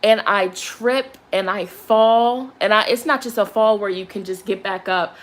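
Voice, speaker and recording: A young woman who reads tarot, chatting casually and telling a story with lots of swearing before doing a candle ritual. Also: on the high side. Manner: chatty, profane, animated storyteller. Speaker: tarot reader.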